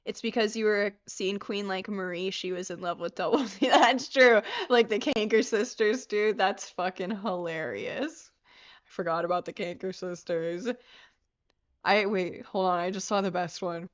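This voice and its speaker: A woman's voice: medium pitch, unhurried, smooth, lo-fi sound. A young woman hosting a casual livestream, giggling often, swearing freely and reading viewer comments aloud as she works on a craft. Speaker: livestream host.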